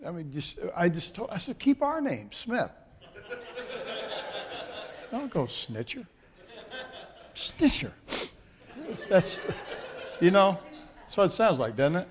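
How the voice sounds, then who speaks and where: An older man, a pastor, telling folksy family stories in a sermon, animated and laughing at his own jokes. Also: high-pitched, moderate pace. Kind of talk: sermon storytelling.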